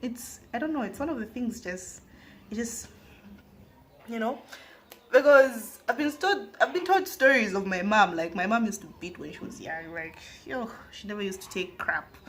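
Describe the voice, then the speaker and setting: A woman from Zambia, telling a personal story to her viewers, often laughing and dropping into hushed asides. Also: fairly high pitch, lively intonation, moderate pace, slight background noise. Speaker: vlogger. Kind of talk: storytime monologue.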